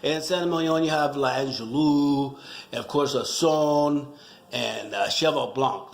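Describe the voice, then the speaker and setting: A man's voice: medium pitch, a little slow, vocal fry, slight background noise. A middle-aged man in a rambling, self-mocking comic rant, joking loosely as he talks about wine. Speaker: wine vlogger. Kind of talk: casual comedic rant. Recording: echoey room.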